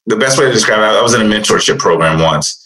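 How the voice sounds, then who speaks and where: Guy guest, lowish voice but really bright, animated pep-talk storytelling. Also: fast talker, poor audio. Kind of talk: casual conversation.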